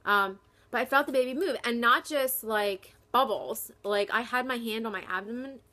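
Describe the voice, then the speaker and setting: A young New Jersey woman chats casually in her pregnancy vlog, short of breath and sprinkling her sentences with "like." Her voice is a little high, pushed and bright, at normal speed.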